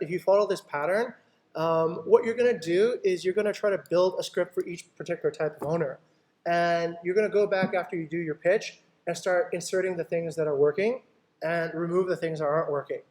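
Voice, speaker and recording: A man's voice: sits high, brisk. A man, a company boss, coaching his sales team in an online meeting, acting out client talks and often checking in with "right?". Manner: lively, acts out client dialogues, keeps asking "right?".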